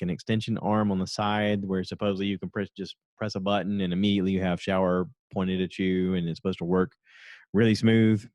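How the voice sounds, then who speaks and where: A middle-aged man with a low voice talks through a casual solo podcast. His delivery is chatty and rambling, and he breaks into laughs as he retells things. The sound is dry and close to the mic. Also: no room sound. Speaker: podcast host.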